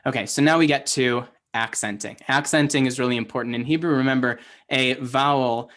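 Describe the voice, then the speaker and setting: Male teacher for a livestream class, mid pitch, talks loosely with restarts and asides. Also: a bit bright. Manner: casual, halting explanation with many restarts and "right?" checks. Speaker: Hebrew teacher. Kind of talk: online class lecture.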